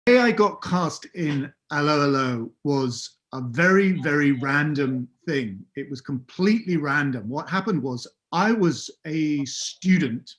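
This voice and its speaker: A man's voice: fairly high pitch, expressive, a little slow, few pauses, a bit bright. A middle-aged man from England telling anecdotes as an interview guest, hesitant, with many fillers and self-corrections. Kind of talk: casual anecdotal recollection.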